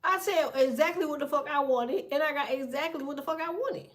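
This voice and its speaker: A woman's voice: high-pitched, a little fast, recorded from a distance. A woman in her thirties from the United States, ranting bluntly and profanely to viewers as a tarot vlogger. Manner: blunt, profane, animated storytelling. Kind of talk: profane casual rant to viewers.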